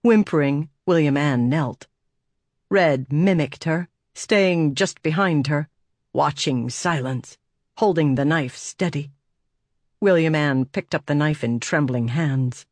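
A man narrating a fantasy audiobook in a steady, measured storytelling voice. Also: fairly high pitch, dry recording.

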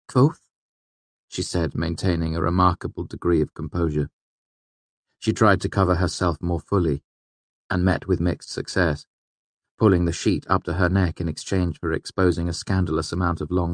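Low male narrator, measured, audiobook, dry close sound. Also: dry recording. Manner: measured, tense storytelling. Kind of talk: scripted narration.

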